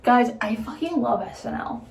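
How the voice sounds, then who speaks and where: A woman's voice: a little high, expressive, normal speed, creaky, darkish tone, reverberant, recorded from a distance. A young woman vlogging in a casual, rambling, candid way, swearing freely and trailing off into whispers. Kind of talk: casual chat.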